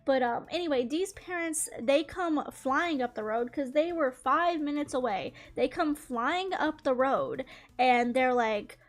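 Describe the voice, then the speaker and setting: A woman's voice: high-pitched, measured pace, faint music behind. A young woman telling a story while drawing, rambling with lots of fillers and frequent giggles. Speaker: YouTuber.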